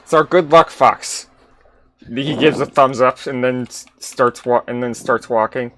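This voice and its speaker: A man's voice: medium pitch, a little slow, noisy background. A man playing his character in a tabletop game, casual and restarting his words. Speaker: player.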